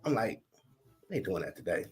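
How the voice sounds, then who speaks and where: A man hosting a casual panel chat, telling a story in slangy, animated speech and acting out what people said. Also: on the low side, normal speed, husky. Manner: storytelling, animated, slangy, acts out quoted voices. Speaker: host.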